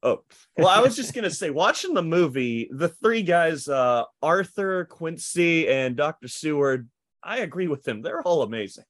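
A man's voice: on the high side, very animated, moderate pace, a bit bright. A man in a casual film chat, explaining details from the book in a thoughtful way.

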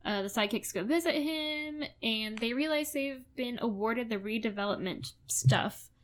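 A woman's voice: on the high side, normal speed, slight background noise. A woman co-hosting a casual podcast, recapping a drama episode in a chatty way, often laughing and saying "like". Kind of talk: casual chat.

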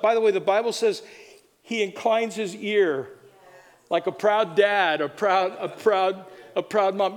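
High-pitched guy preaching a lively sermon, stumbles over words when excited, big echoey church. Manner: animated, exuberant, repeats words in bursts. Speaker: pastor. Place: church sanctuary. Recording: long reverb of a large room.

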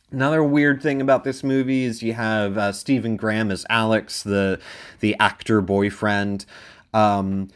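A man's voice: on the low side, clear, resonant tone. Rambling man reviewing a film. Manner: rambling, many ums and uhs, wry. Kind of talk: casual spoken film review.

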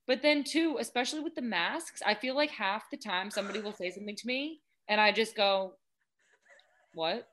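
A young American woman in a casual interview, answering in a relaxed, rambling way with hesitant fillers. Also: medium pitch, a little fast, few pauses, slight background noise. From United States. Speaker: guest, athlete.

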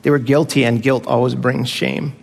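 A man's voice: mid-range voice, flat delivery, moderate pace, gravelly, big-room sound. Man preaching a conversational sermon. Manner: conversational, with acted-out voices of children. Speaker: pastor.

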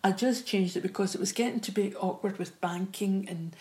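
A woman's voice: mid-range voice, fairly quick, warm tone. Scottish woman host, casual chatty delivery with restarts, roomy recording. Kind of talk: casual chat. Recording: roomy echo.

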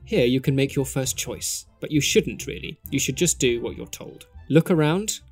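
A man's voice: mid-range voice, expressive, moderate pace, breathy edge, soft background music. A man voicing a smug, bossy middle-aged tech CEO who talks in a pompous, self-important way. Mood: grand.

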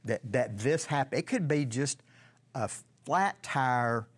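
A man teaching a Bible lesson in a conversational way, often repeating words and putting questions to his listeners. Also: medium pitch. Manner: halting, repeats words, asks the audience questions.

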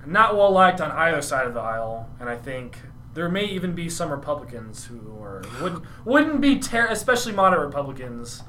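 A man's voice: fairly high pitch, big pitch swings, brisk, bright, forceful tone, slight background noise. A young man hosting a casual political podcast, talking loosely and laughing easily. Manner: conversational, hedging, laughs easily. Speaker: podcast host.

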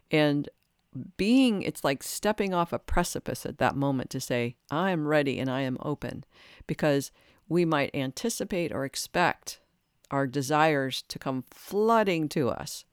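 A woman's voice: sits low, moderate pace, clear, resonant tone, dry recording, studio quality. A middle-aged woman hosting a spiritual podcast, talking earnestly through a reflective monologue. She laughs at herself now and then and acts out her own inner complaints. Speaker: podcast host.

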